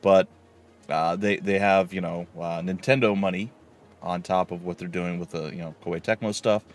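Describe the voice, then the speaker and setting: A man's voice: low-pitched, fairly even intonation, moderate pace, soft background music. A man streaming a game live, chatting casually and rambling with many fillers as he plays. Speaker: let's play streamer.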